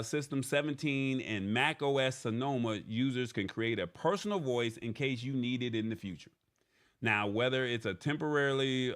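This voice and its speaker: A man hosts a live tech news stream and talks through an article point by point. His voice sits at an ordinary middle pitch for a man. He keeps checking in with the audience by asking "all right?". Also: fairly bright tone. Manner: explains step by step, often adding "all right?"; paraphrases an article aloud. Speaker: tech news show host.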